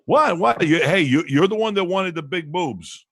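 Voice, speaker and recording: A man's voice: high-pitched, lively intonation, normal speed, a little hiss or hum. Rambling male talk show host. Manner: rambling, lots of restarts and fillers. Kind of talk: casual chat. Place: home, remote on a video call.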